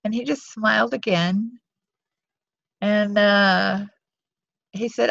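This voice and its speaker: A woman's voice: mid-range voice, fairly even intonation, slow, gravelly, pauses often, fairly bright tone, dry recording. A woman sharing a spiritual testimony in a searching way, thinking aloud as she goes. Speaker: prayer group member. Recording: dry, muffled lo-fi audio.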